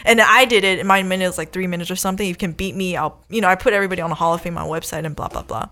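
A woman's voice: on the low side, fairly even intonation, rapid-fire, bright, forceful tone. A young woman talking as a guest on a casual podcast, chatty and upbeat, with many "you know"s and "like"s. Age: young adult. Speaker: guest, competitive eater and food creator.

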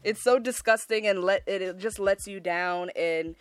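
A woman's voice: lowish voice, moderate pace, clean tone, dry recording. A woman from the United States hosting a podcast in casual chat, heated and ranting, saying "like" a lot. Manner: heated, ranting, frequent "like" and "freaking". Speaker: podcast host.

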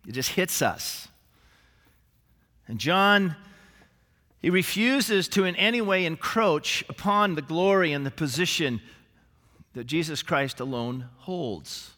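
A man's bright, forceful voice, pitched a little high, preaching a sermon to his congregation. He moves between earnest teaching and playful asides, acting out the quotes he tells. The sound carries the long reverb of a church sanctuary. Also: takes it slowly, long pauses. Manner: animated preaching with humorous asides and acted quotes. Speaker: senior pastor. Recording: live church recording with long hall reverb.

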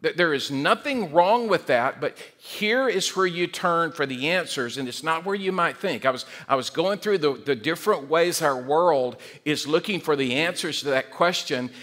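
A man preaching a sermon as pastor, animated, often repeating words and acting out quoted voices. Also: a little high, moderate pace, hardly any pauses.

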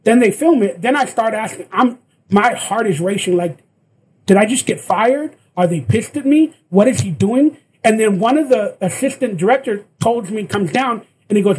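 A man's voice: sits high, moderate pace, a little hiss or hum, poor audio. A man telling a story in casual chat, acting out the lines of the people in it. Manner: animated, acts out quoted lines. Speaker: guest actor.

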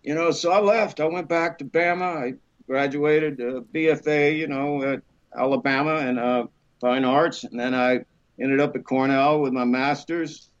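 A middle-aged male actor telling a career story on a podcast, animated and loose, jumping into the high voices of the people he quotes. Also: moderate pace. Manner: animated, acts out the women he quotes in a raised voice. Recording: slightly dull lo-fi sound.

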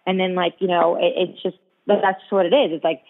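A woman co-hosting a podcast tells stories animatedly in casual chat, saying "like" constantly. Her voice is lowish and quick, heard over a tinny phone-line call.

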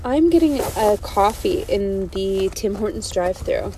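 A woman in her thirties chats from her car at a drive-thru, wandering off on digressions and amusing herself along the way. Her voice is mellow and warm, with a soft hum of the car and the road around her. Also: mid-range voice, moderate pace, hardly any pauses, low-quality recording. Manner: chatty, digressive, self-amused. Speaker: podcast host. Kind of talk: casual rambling chat.

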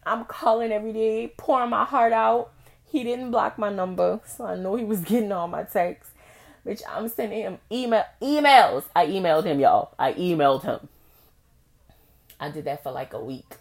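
A young woman hosting a podcast, telling a personal story in a candid, profane, animated way with frequent laughs. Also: mid-range voice, moderate pace, vocal fry. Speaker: podcast host.

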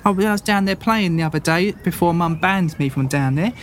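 A man doing a high, eager young farm boy. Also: moderate pace, a little hiss or hum, lightly acted. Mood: boastful. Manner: high, eager, stumbling boasts.

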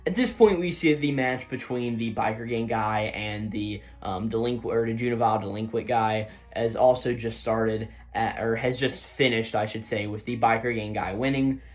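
A man hosting a loose, chatty recap show, rambling along with plenty of fillers and half-finished sentences. His pitch sits in a plain middle range for a man. Faint music plays softly behind him. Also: normal speed, hardly any pauses. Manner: rambling and filler-heavy, retelling scenes with loose paraphrased quotes. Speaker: manga discussion host. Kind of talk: casual chapter recap.

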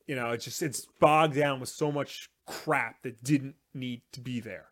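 A man's voice: mid-range voice, fairly even intonation, measured pace. A man co-hosting a live show in casual chat, rambling with lots of filler words. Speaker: podcast co-host.

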